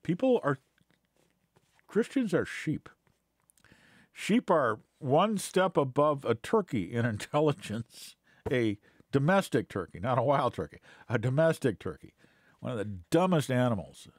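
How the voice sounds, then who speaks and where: A man's voice: medium pitch, big pitch swings, moderate pace, no room sound, studio quality. A man giving an unscripted Bible teaching, hesitant with many fillers and restarts, then pressing points with scornful emphasis.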